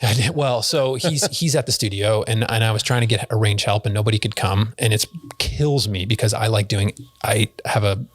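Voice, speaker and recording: A man's voice: on the low side, moderate pace, hardly any pauses, no room sound. A man co-hosting a podcast, telling rambling stories in casual chat, swearing and mimicking people. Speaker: podcast co-host.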